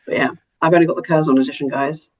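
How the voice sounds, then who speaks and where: A woman's voice: deep voice, steady tone, quick pace, darkish tone, highs cut off. A woman in a casual film chat, bubbly, often correcting herself.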